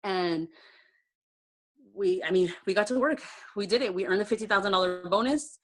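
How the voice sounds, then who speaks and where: A woman's voice: mid-range voice, normal speed. A woman leading a sales team, telling her personal success story on a video call in a heartfelt, conversational way with many fillers. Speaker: direct-sales team leader.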